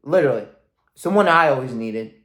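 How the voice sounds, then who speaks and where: A man's voice: medium pitch, animated, a little fast, a bit bright, roomy sound. A man in his thirties ranting in a motivational vlog, intense and emphatic, swearing constantly as a coach. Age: 30s. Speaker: weight-loss coach.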